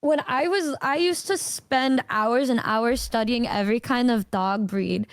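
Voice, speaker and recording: Blunt young woman, high and dry. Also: unhurried, no room sound. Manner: blunt, matter-of-fact, swears casually. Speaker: streamer. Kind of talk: casual chat.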